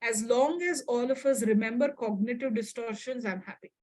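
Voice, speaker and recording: A woman's voice: a little high, normal speed, low-quality recording. A woman psychologist teaching an interactive online workshop, acting out short example dialogues and often checking in with her listeners. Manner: expressive, acts out example dialogues, checks in with audience.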